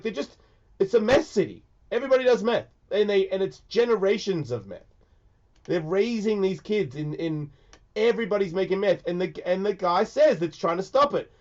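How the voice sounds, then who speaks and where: A man hosts a radio show while sick, rambling and swearing as he drops to a mumble, then rises to a shout. His voice sits a bit high. The sound is dull and lo-fi. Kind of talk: casual radio chat.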